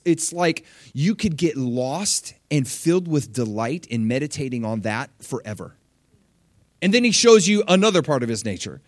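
Animated young man preaching a sermon. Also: no echo, clean studio sound. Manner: animated, conversational, acts out quotes with big pitch leaps.

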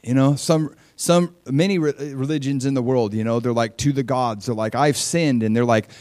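Here a pastor of medium pitch delivers a sermon at normal speed in a chatty, animated style. Between scripture readings, he acts out what the people he describes say.

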